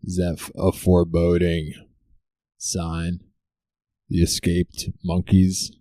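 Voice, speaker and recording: A man with a low, dark voice riffs through a sarcastic comedy monologue as the show's host. He leans on rhetorical questions and unhurried timing. The sound is dry and close. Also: completely flat delivery, no room sound. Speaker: comedy talk show host. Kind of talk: stand-up style topical monologue.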